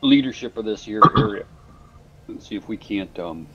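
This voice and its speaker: A man's voice: lowish voice, animated, normal speed. A man playing in a tabletop game, rambling and hesitant with many fillers. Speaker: player. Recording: dull lo-fi sound.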